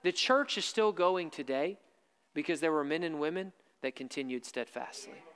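A man delivering a sermon in a high, smooth and resonant voice. He stresses key lines by repeating them slowly and firmly. His voice carries a long reverb, as in a large church hall. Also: expressive, a bit bright. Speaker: preacher.

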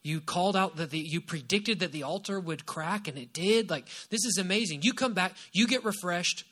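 A man's voice: high-pitched, moderate pace, fairly bright tone. A man preaching voices an ancient king, speaking urgently within his sermon. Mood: coaxing. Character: angry then pleading ancient male king.

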